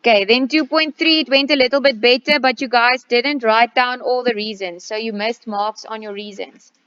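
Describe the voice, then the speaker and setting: A woman's voice: fairly high pitch, fairly even intonation, moderate pace, fairly bright tone, clean tone. South African woman teaching a maths class. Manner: switches between English and Afrikaans while explaining; patient, step-by-step explaining. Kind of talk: classroom test review lesson. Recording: slightly dull, lo-fi recording.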